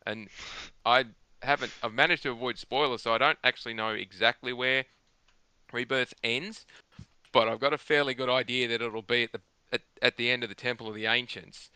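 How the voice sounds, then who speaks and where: A man's voice: medium pitch, fairly even intonation, fairly quick, sharp tone, clear, resonant tone, dry recording. A man talking at length on a gaming podcast, rambling and emphatic, restarting his sentences often. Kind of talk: casual chat.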